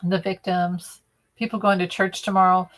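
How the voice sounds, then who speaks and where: A woman's voice: on the low side, level tone, moderate pace, fairly bright tone. Opinionated woman reading tarot cards. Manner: conversational, opinionated, restarts often. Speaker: tarot reader. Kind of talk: live-stream tarot reading.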